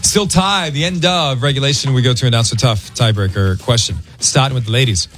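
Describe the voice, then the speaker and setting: A man hosting a morning radio show, telling stories in an animated, exasperated way. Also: mid-range voice, fairly quick, soft background music.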